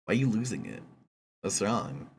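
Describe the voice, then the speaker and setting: A streamer chatting casually with their chat while drawing, teasing viewers and breaking into sudden high squeaks. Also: big pitch swings, moderate pace, slight background noise.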